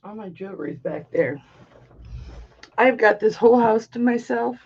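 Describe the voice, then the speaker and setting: A woman's voice: on the high side, expressive, normal speed, creaky, darkish tone, dull audio, a little hiss or hum. A middle-aged woman hosting a live-stream jewelry auction, chatting casually and rambling playfully through stories.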